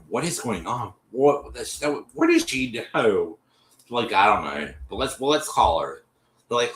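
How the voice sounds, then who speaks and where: A man's voice: lowish voice, sharp tone, reverberant, a little hiss or hum, rough recording. A man hosting a podcast, casually retelling a TV episode in a rambling way, with many restarts and quoted voices. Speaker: podcast host.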